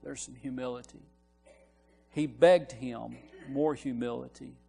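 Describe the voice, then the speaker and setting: A man's voice: medium pitch, steady tone, measured pace, vocal fry, warm tone, slightly rough, long reverb tail, faint music behind. A man preaching a sermon, explaining a Bible passage in an earnest teaching manner and building emphasis on key words, with frequent restarts. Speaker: minister. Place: church sanctuary.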